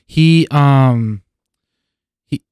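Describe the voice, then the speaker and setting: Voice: medium pitch, extremely slow, darkish tone, smooth, no echo. Laid-back co-host, dry close sound. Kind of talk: casual chat.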